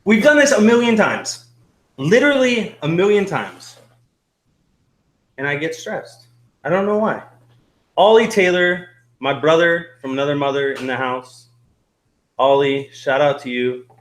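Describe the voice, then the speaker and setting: A man's voice: a little high, lively intonation, unhurried, long pauses. A young man hosting a casual live-stream chat, rambling and laughing nervously, a little out of breath. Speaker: host.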